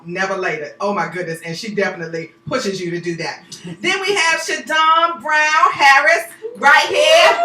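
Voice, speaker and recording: A woman's voice: high voice, sharp tone, echoey room, poor audio. A woman hosting a live talk show, exuberant and chatty, whooping and cheering as she introduces her guests in the studio on a handheld microphone.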